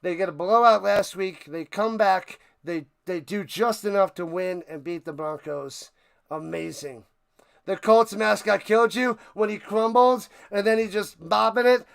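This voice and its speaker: Streamer host, male, high gravelly voice gone hoarse, breathless, shouting excitedly. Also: measured pace. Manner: hyped, shouting, repeats phrases. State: hoarse, losing his voice. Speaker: live-stream watch party host. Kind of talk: excited live-stream sports commentary.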